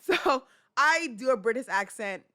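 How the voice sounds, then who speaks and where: A woman's voice: sits high, animated, a little slow, bright, forceful tone, no echo, studio quality. A young woman in her twenties hosting a podcast, chatting casually and rambling with fillers and laughs. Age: 20s. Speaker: podcast host. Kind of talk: casual chat.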